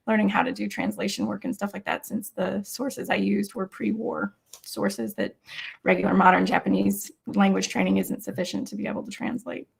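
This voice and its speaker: A woman from St. Louis being interviewed in a casual chat, relaxed and chatty, laughing often. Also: mid-range voice, moderate pace, creaky, slightly rough. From St. Louis, Missouri, US. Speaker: guest.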